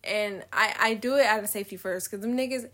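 A woman's voice: medium pitch, a little fast, a bit bright. A young woman venting in a casual confessional vlog, candid, slangy and profane, trailing off mid-thought and laughing often. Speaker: vlogger.

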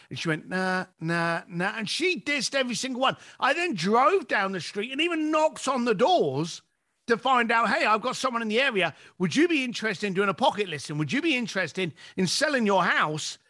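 Animated high-voiced man coaching. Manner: animated storytelling, acting out clients' lines. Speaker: business coach. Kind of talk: podcast conversation.

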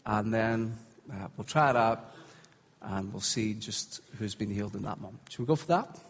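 A man's voice: on the low side, moderate pace, slight background noise. Encouraging male preacher in an echoey hall. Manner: encouraging, gently humorous, calls out to the crowd. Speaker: preacher leading a healing service. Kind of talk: live sermon ministry. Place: large hall with congregation. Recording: echoey hall with faint crowd.

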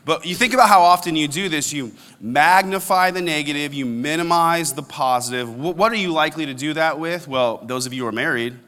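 A man preaching as a pastor, his voice bright and forceful and set a bit high. He talks in a lively, casual way and slips into quoted complaints. The sound carries a long hall reverb. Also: fairly quick, few pauses, smooth. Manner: animated, acts out quoted complaints. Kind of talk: sermon. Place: large church auditorium.

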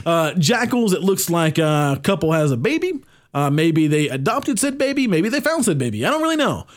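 A man's voice: fairly high pitch, sing-song, moderate pace. A man co-hosting a podcast, rambling casually with lots of fillers and swearing freely. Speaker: podcast co-host. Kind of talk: casual chat.

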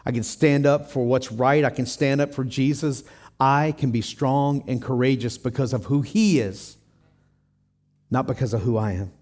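A man's voice: medium pitch, steady tone, moderate pace, a little mellow. A man preaching a sermon as a pastor in church, earnest and emphatic, acting out scenes in quoted lines.

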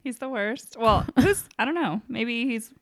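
A woman's voice: fairly high pitch, animated, a little slow, no echo, clean studio sound. A woman co-hosting a podcast, recapping a movie in casual chat, often giggling. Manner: giggly, amused. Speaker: podcast co-host.

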